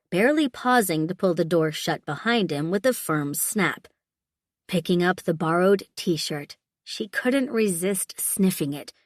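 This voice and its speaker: Steady woman narrating a romance audiobook. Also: on the low side, no echo, clean studio sound. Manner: steady, measured storytelling. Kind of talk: scripted narration.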